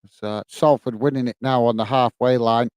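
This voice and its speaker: Smooth-voiced Northern Irish man calling football. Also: medium pitch, fairly even intonation, moderate pace, darkish tone, no echo. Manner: friendly and chatty, often says "mate" while reading viewer comments. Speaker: host of a football watch-along stream. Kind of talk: live play-by-play commentary with chat.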